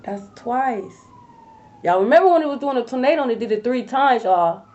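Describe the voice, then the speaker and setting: A woman's voice: fairly high pitch, normal speed. Blunt, profane woman telling a story. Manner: blunt, profane, animated, addresses viewers as y'all. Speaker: tarot reader. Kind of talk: casual storytelling to viewers. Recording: dull lo-fi recording.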